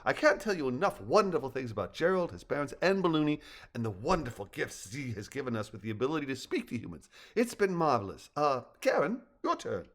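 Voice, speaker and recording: A man's voice: medium pitch, big pitch swings, fairly quick. A man voicing a genteel, fussy mother squirrel in a storybook reading. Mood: proud.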